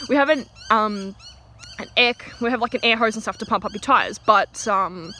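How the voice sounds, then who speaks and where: Bright, chatty young woman. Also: a little high, normal speed, a little hiss or hum. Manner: rambling, chatty, many fillers. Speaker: storyteller. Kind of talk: casual storytime. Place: outdoors. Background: birds, outdoor ambience.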